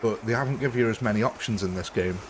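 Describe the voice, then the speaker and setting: A man's voice: on the low side, quick pace, noisy background. A man from Britain chatting casually while live-streaming a game, self-mocking and laughing often. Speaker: gaming streamer.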